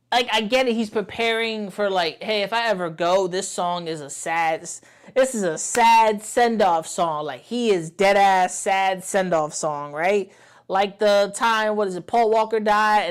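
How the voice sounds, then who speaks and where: A woman's voice: mid-range voice, a little slow, clean tone. A woman from The Bronx, reacting to songs in blunt, profane, emotional commentary as a content creator. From The Bronx, New York.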